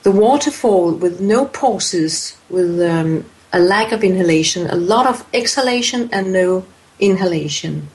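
A woman speaks slowly in an interview, weighing each phrase. She pauses often and restarts her sentences. Her tone stays thoughtful as she explains. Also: on the low side, lively intonation, a little mellow, rough recording. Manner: hesitant, many fillers and restarts. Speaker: voice expert guest. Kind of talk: interview answers.

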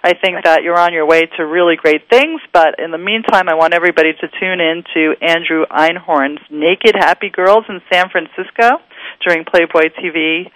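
A woman's voice: on the low side, normal speed, fairly bright tone, no echo, poor audio. Giggly New York radio host woman. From US East Coast. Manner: giggly, teasing, effusive. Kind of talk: chatty interview.

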